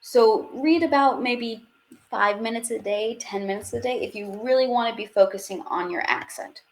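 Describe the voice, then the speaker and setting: A woman's voice: a little high, normal speed, a little hiss or hum. A woman teaching a live online French class, chatty and upbeat, reading out viewer questions as she goes.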